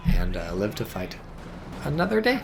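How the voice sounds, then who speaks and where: A man giving casual, rambling game commentary full of swearing, tired and a bit drunk, with sudden bursts of excitement. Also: lowish voice, normal speed, creaky, background noise.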